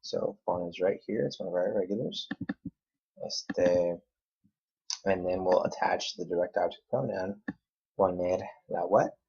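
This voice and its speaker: A man teaching a Spanish grammar lesson, patiently repeating words slowly to show where the stress falls. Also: low-pitched, vocal fry, dark tone, husky. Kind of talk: classroom lesson explanation. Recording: dull lo-fi recording.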